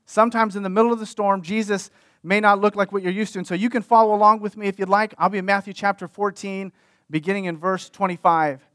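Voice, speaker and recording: A man delivers a sermon with a fairly high voice. The sound is dry and close, with no room echo. He preaches in a conversational way and circles back on his key phrases to stress them. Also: flat delivery, fast, fairly bright tone. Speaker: pastor.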